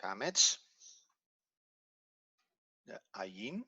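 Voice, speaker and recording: Slow, methodical male grammar teacher. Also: lowish voice, very animated, bright, forceful tone, husky, dry recording, lo-fi sound. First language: Dutch. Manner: slow, methodical explaining step by step. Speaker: Hebrew teacher. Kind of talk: recorded grammar lesson.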